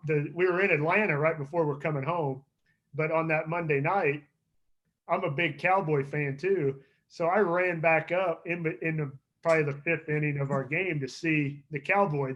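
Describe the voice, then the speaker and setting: Chuckling middle-aged man on a lo-fi call. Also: on the high side. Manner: rambling, with frequent chuckles and restarts. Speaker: former pitcher, guest. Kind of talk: casual storytelling interview.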